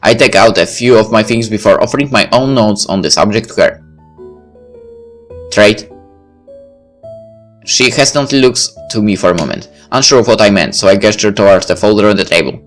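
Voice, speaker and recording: A man's voice: lowish voice, animated, fast talker, few pauses, faint music behind. A man reading a visual novel aloud in first person, breaking off for casual asides. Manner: casual asides between narration. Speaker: let's play reader.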